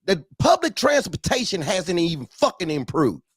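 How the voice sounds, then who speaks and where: A man's voice: high voice, sing-song, normal speed, husky, dry recording, clean studio sound. A man ranting angrily on a talk show, swearing constantly and repeating himself as he gets heated. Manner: angry, swearing, repetitive outbursts. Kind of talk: heated profane rant.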